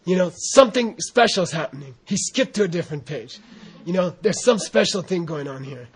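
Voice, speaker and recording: Husky high-voiced American man teaching. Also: fairly quick. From United States. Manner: rambling and animated, laughs often, heavy use of "you know". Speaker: Buddhist teacher. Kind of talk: informal dharma talk.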